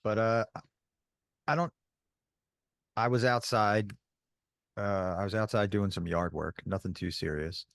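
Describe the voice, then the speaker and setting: This is an easygoing man co-hosting a podcast. His voice sits on the low side, and he keeps his turns short and friendly. He is recorded close and dry. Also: a little slow, creaky, pauses often, dry recording. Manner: easygoing, friendly, brief replies. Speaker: podcast co-host. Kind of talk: casual podcast chat.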